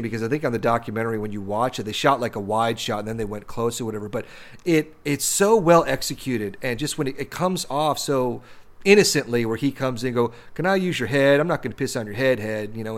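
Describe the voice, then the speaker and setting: A man co-hosting a casual film discussion, talking in long rambling runs with many restarts and repeated words. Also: medium pitch. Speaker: podcast co-host discussing films.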